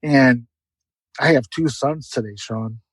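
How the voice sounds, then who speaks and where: A man's voice: medium pitch, slow pace, husky, no echo, poor audio. A middle-aged man giving an emotional, earnest personal testimony as a podcast guest, often repeating words.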